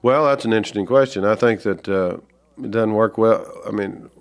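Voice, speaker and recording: Man, Georgia accent, deep-ish gravelly voice, halting, fillers, interview guest. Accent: Southern US, Georgia. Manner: halting, many fillers and restarts. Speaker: author and guest. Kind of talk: reflective interview talk.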